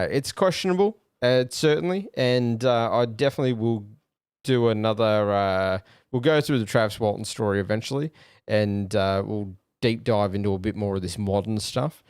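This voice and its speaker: An Australian man hosting a podcast, musing aloud in casual commentary with many pauses and fillers. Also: lowish voice, a little mellow, smooth, no echo, studio quality. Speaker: podcast host.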